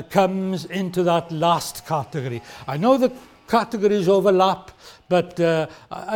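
A male preacher delivering a sermon with a high, very animated voice that swoops up and down. He acts out the questions he quotes and leans on key words by slowing down. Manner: expressive, acts out quoted questions, emphatic slowdowns.

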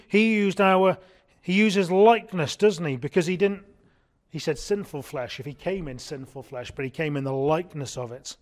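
A man preaching a sermon in an earnest way, often asking his congregation rhetorical questions. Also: fairly high pitch.

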